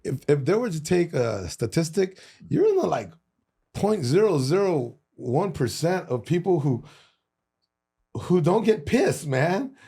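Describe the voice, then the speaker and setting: A man's voice: fairly high pitch, big pitch swings, unhurried, gravelly, warm tone, slightly rough. A man hosting a podcast, eagerly cutting in with questions and laughing along. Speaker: podcast host. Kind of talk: casual interview.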